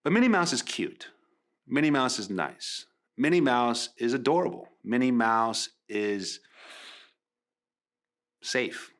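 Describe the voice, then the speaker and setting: A man who works as a love coach, talking straight to women in an animated way. He stresses points by repeating phrases and acts out conversations as he tells them. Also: mid-range voice, slow pace, long pauses.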